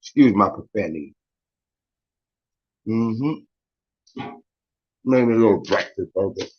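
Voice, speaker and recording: A man's voice: fairly low pitch, expressive, measured pace. Slangy man on a lo-fi stream. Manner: slangy, swearing, greets viewers by name. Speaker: live stream host. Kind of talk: casual morning live chat.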